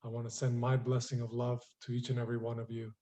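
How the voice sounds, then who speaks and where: A man's voice: medium pitch, monotone, fast talker, warm tone. A man on a video call giving an earnest closing blessing to a prayer circle.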